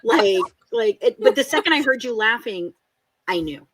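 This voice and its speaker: A woman co-hosting a casual livestream chat, animated and blunt, swearing freely and acting out other people's words. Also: fairly high pitch, moderate pace, slightly rough. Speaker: podcast co-host.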